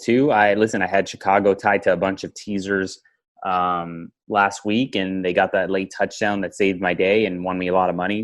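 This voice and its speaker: A man with a low voice hosts a sports betting podcast in casual chat. He talks loosely and conversationally, trailing off into fillers as he thinks. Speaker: podcast host.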